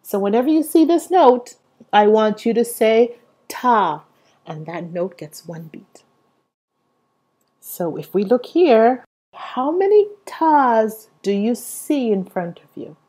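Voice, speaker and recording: A woman's voice: a little high, animated, warm tone. A young woman teaching a music lesson to small children, cheerful and encouraging, inviting them to say rhythms along with her. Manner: slow, cheerful sing-song teacher talk with call-and-response prompts.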